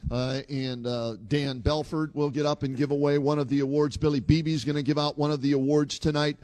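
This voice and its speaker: A man's voice: fairly high pitch, level tone, a little fast, a little mellow, no echo. A man from hosting a sports radio talk show, easygoing and casual, with frequent "uh" fillers.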